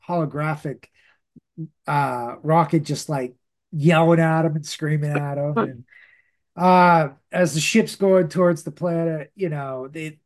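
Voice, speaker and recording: Pitched on the high side with a darkish tone, this male podcast host rambles through a casual comic book recap. His talk is full of fillers and restarts.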